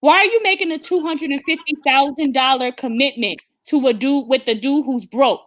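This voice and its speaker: A woman's voice: high voice, moderate pace. A woman hosting an opinionated live talk stream, blunt and emphatic, often stammering and restarting her sentences. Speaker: host.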